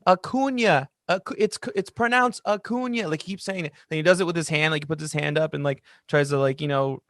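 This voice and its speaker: A young man co-hosting a podcast, talking in an excited, rambling way and telling stories. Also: a little high, fast talker, no room sound, studio quality. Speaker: podcast co-host. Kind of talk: casual chat. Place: lives in Los Angeles.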